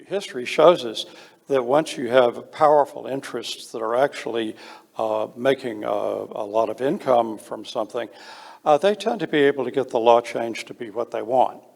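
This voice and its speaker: Blunt gravelly man in a reverberant hall. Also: medium pitch, moderate pace, darkish tone. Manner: blunt, emphatic, with many hesitations. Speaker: panel speaker on space law. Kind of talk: panel discussion.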